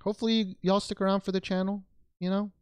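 A man's voice: sits high, little pitch movement, fast talker, a little hiss or hum. A man hosting a trading card unboxing video, talking casually as he opens packs, rambling and joking with playful made-up words.

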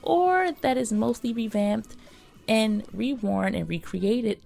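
Woman fashion vlogger, recovering from a cold, mellow and bubbly. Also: fairly high pitch, slow pace, vocal fry. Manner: bubbly, lively greetings to viewers. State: getting over a cold. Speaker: fashion YouTuber. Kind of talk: casual scripted vlog narration.

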